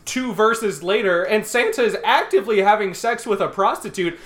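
A podcast co-host in a casual film discussion who talks in an animated, sarcastic way and laughs often. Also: medium pitch, moderate pace.

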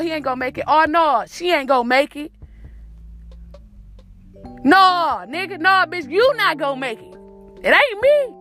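A woman's voice: high voice, fairly bright tone. A woman delivering a profane, repetitive motivational monologue as a podcast host, calling the listener "my baby.".

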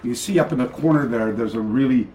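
An older man, a karate master, telling stories as an interview guest over a video call, animated and rambling, with many fillers and restarts. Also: medium pitch, quick pace, roomy sound, a little hiss or hum. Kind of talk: casual storytelling interview.

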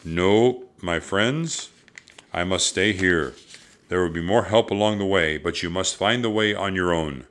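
A man reading as a wise old ninja master, deep and unhurried, calm and measured with a kindly solemnity. The voice is low yet bright and firm, as in a storybook reading. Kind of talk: storybook read-aloud.

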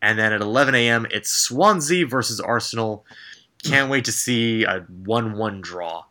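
Bright-voiced man reading fixtures dryly. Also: lowish voice, expressive, normal speed. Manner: dry, sarcastic rundown of fixtures. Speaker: podcast co-host. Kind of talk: casual sports chat.

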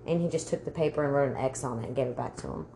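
A woman's voice: very deep voice, very fast, dark tone, slight background noise. A woman co-hosting a podcast, telling stories in casual chat, laughing often and swearing freely. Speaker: podcast co-host.

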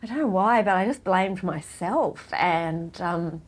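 A woman's voice: fairly low pitch, animated, slightly rough. Heartfelt woman, middle-aged. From Australia. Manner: heartfelt, halting, many restarts. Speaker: guest. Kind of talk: emotional personal interview.

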